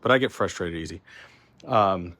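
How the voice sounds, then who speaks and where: A man's voice: sits low, normal speed, pushed and bright. A man giving a casual, rambling tour of his large warehouse workshop, sounding frustrated and often restarting his sentences. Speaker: shop owner giving a tour. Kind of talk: casual vlog walkthrough.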